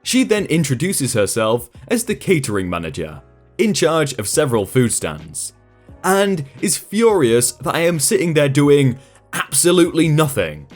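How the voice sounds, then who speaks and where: A man narrating a story aloud with dry, sarcastic timing. His voice sits a bit high and moves with lively, animated pitch, while faint music plays behind him. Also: normal speed.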